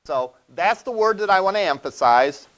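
A man's voice: high voice, animated, normal speed, fairly bright tone, low-quality recording. A male college instructor giving a classroom lecture, explaining step by step and often checking in with "all right?". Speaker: college web development instructor.

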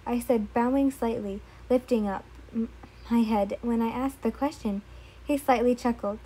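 A woman reading first-person fan fiction aloud, halting and correcting herself often as she reads. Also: a little high, steady tone, dark tone, slightly rough, poor audio. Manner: halting, frequent self-corrections while reading.

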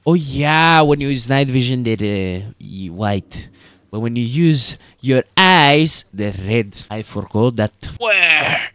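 Guy goofing around narrating his dino game, mid pitch, dry close mic, keeps calling everyone boys. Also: lively intonation, slow, fairly bright tone, clean tone, dry recording. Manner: joking, rambling, talks to viewers as boys. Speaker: gaming YouTuber. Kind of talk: casual gameplay commentary.

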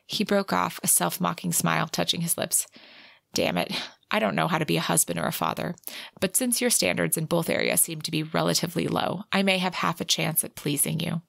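A woman's voice: lowish voice, gravelly, fairly bright tone, dry recording, clean studio sound. A woman co-hosting a book podcast, summing up a romance plot and reading quotes with feeling. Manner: narrates plot with acted quotes. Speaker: podcast co-host. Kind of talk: book recap podcast, reading excerpts aloud.

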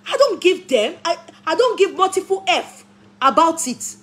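A woman's voice: very high voice, sing-song, moderate pace. A Nigerian woman giving opinionated vlog commentary, arguing, throwing out rhetorical questions and scolding commenters, recorded on a phone. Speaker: vlogger and commentator.

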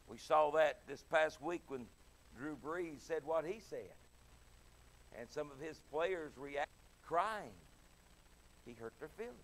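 A middle-aged man delivers a passionate evening sermon, dropping to a soft voice and then rising loud as he acts out pleading voices. His voice is mid-range and creaky, with a little hiss or hum in the background.

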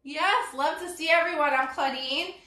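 This yoga instructor from Brooklyn has a high, pushed, bright voice and speaks at normal speed while teaching a live-streamed yoga class for parents and toddlers. She gives cheerful, sing-song, encouraging cues, picked up by a far-off mic with roomy echo.

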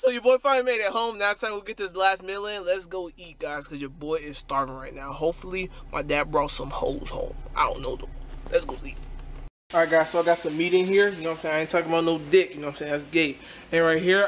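Brash young man, high bright voice. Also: slight background noise. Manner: brash, crude and joking, with loud shouted outbursts. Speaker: fitness vlogger. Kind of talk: casual vlog chat to camera. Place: gym and home.

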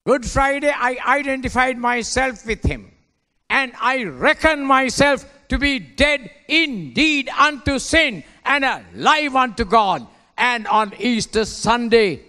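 Impassioned pastor preaching in a big hall. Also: male voice, very high voice. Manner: dramatic preaching, swinging between hushed and shouted lines. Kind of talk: sermon. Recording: long hall reverb.

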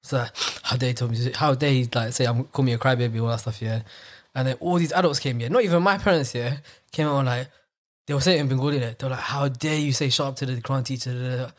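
A young man, co-hosting a casual podcast and telling stories in an animated, slangy way. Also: mid-range voice, fast. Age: 20s. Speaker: podcast co-host. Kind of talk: casual chat.

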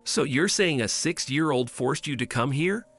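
A man voicing a protective, stern mother who speaks in a sharp, scolding way. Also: on the high side, expressive, normal speed, soft background music.

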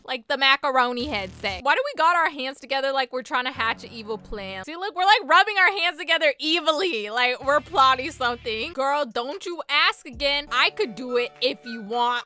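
A woman commentating her own gameplay in a playful, excitable and chatty way, often gasping and laughing. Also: high-pitched. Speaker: gaming YouTuber.

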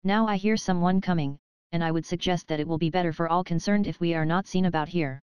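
A woman's voice: on the low side, fast talker, darkish tone, clear, resonant tone, dry recording, muffled recording, close to an everyday voice. A woman reading the part of a sly, mischievous male coyote who speaks with pleasant, mocking politeness. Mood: mock polite.

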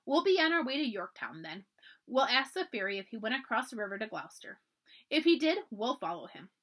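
A woman reading aloud and voicing a rough hired man who hunts a runaway and keeps up a false politeness. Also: a little high, very animated, a little fast, fairly bright tone. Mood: falsely polite. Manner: mock-polite, repeats "sir".

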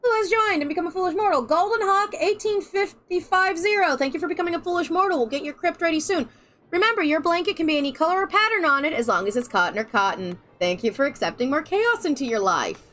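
A woman's voice: very high-pitched, animated, quick pace, fairly bright tone. A woman streaming a video game live, chatting casually with her viewers in a playful, theatrical way. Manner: playful, theatrical spooky greetings.

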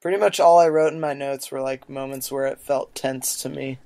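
A laid-back man co-hosting a movie podcast, mostly chiming in with brief agreement. His mid-pitched voice is rough and gravelly, with a lot of vocal fry. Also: fairly even intonation, moderate pace, mellow. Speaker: podcast co-host. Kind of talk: casual movie review chat.

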